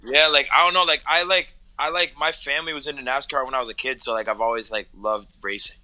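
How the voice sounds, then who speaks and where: A man's voice: mid-range voice, fairly even intonation, fast talker, bright, forceful tone, rough recording. A man from Canada talking as a guest in a laid-back, slangy casual chat. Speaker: music producer guest.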